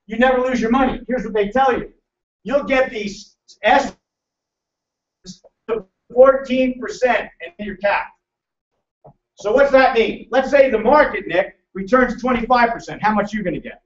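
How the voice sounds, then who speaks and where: A man presenting a financial seminar to a live audience, loud, emphatic and hectoring as he teases the crowd. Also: very high voice. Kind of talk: motivational seminar lecture. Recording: echoey, distant, dull room recording.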